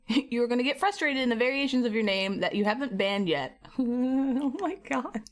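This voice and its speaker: While she paints, a female art streamer keeps up a playful, casual chat with her audience, laughing a lot and fighting off a light cough. Her voice is fairly high and a little fast.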